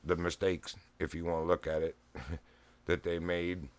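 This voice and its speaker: A middle-aged man with a drawl spins a rambling, folksy yarn on his stream, chuckling as he goes. His voice sits very low, and the sound is close and dry with no room around it. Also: little pitch movement, measured pace, clean tone, no echo. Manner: rambling, folksy, laughs often. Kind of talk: casual storytelling chat. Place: home living room. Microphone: streaming mic.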